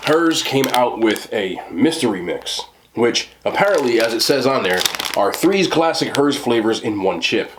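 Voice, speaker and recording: A man's voice: mid-range voice, expressive, normal speed, background noise. A young man chatting casually to viewers in a cooking and mukbang vlog, full of slang and asides. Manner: chatty, slangy, addresses viewers as y'all and bro. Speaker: food vlogger.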